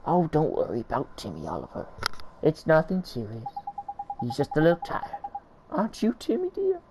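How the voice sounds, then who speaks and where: A doting older woman coos and fusses, as a man puts her on while reading a game aloud. Her voice rises high and dips low in a lively way, and she sounds fussy and affectionate. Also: moderate pace, gravelly, background noise, heavily acted. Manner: cooing, fussing tone.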